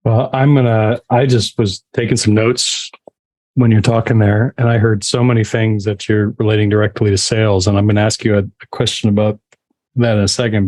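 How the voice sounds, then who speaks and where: A man hosts a podcast interview with a lowish voice, recorded dry and close. He works from his notes and sums up what his guest just said. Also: a little mellow, no room sound. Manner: listens and then sums up points from notes. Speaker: podcast host. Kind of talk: conversational interview.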